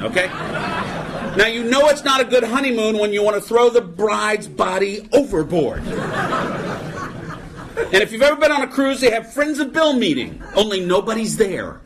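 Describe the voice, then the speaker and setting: A man's voice: sits high, very animated, normal speed, noisy background. A middle-aged man telling wry, self-mocking stories as a speaker at a recovery meeting. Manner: wry, storytelling, self-mocking, many "you know"s. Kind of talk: comedic recovery talk to a live audience.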